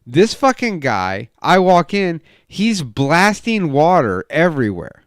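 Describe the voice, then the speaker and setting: A young man on a casual podcast, telling a heated story full of swearing and acting out quoted lines loudly. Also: takes it slowly, smooth, no echo, studio quality. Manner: profane, animated storytelling, acts out quotes with loud raised pitch. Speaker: podcast co-host.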